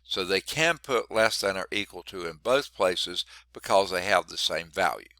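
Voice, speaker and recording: A man's voice: deep voice, animated, normal speed, pushed and bright, no room sound. Congested man lecturing on calculus. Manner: stops to clear his throat, wry asides. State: congested, short of breath. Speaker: math instructor. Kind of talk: classroom lecture.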